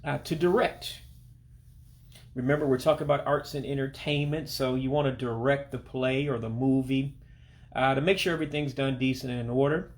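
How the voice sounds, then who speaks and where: A man from Alabama, teaching a language lesson as a voice-over and patiently repeating each word slowly. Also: medium pitch, steady tone. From Alabama, United States. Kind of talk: self-recorded language lesson. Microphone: voice-over to pictures and on-screen text.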